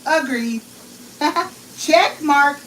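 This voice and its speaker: Calling out loudly across the house now and then, this US cooking vlogger talks casually while making food in her home kitchen. She has a high-sitting voice and speaks very slowly. A pan sizzles in the background, adding slight noise, and the distant mic catches the kitchen's echo.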